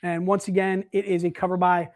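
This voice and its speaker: A man's voice: high-pitched, little pitch movement, fairly quick. Upbeat chatty man hosting a live sale. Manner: upbeat, chatty, says "dude" constantly. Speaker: livestream sales host. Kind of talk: casual live sales patter.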